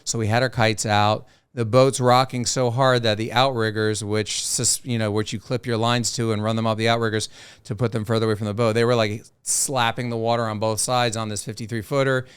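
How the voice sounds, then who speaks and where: A professional angler from South Florida casually tells sea stories as a podcast guest, animatedly acting out the people he quotes. His lowish voice moves fairly quickly, with a clean tone and no echo.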